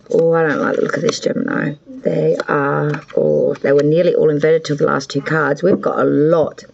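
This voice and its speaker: Australian woman tarot host, rambling and foul-mouthed; low, gravelly delivery, dull lo-fi recording. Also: a little mellow, a little hiss or hum. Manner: chatty, rambling, swears freely. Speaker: tarot reader and channel host. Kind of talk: casual tarot reading vlog. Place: cold house with power out.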